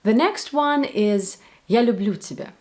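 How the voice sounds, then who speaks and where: A woman with a Russian accent, a native Russian speaker, teaching the language to viewers slowly and clearly, with playful spoken examples. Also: on the high side, lively intonation, a little mellow, soft background music. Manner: slow, clear, playful demonstrations. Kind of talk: explaining to viewers.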